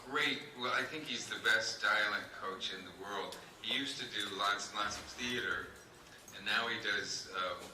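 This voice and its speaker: Low-voiced man, rambling in an echoey hall. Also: sharp tone. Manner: rambling anecdotal storytelling with many fillers. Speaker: actor answering audience questions. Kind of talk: convention panel Q&A. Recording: echoey hall, distant mic, noisy.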